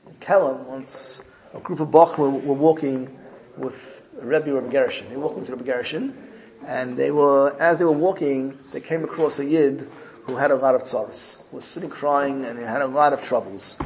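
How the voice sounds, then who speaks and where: A man's voice: mid-range voice, normal speed, darkish tone. A man giving a Torah class, reading Hebrew verses and translating them line by line with emphasis. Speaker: Torah teacher.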